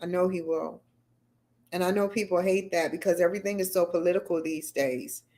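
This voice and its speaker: A woman's voice: fairly low pitch, fairly even intonation, a little fast, warm tone. A middle-aged woman chatting casually and rambling on a livestream, answering viewer comments as she goes. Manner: rambling, talks back to chat comments. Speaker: livestream host.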